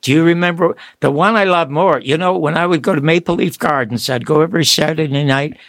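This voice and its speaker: Older guy on radio, gravelly voice, dry close sound, animated storyteller. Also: on the high side, a little fast, no room sound. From Toronto, Canada. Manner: lively, animated storyteller with restarts. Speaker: guest storyteller.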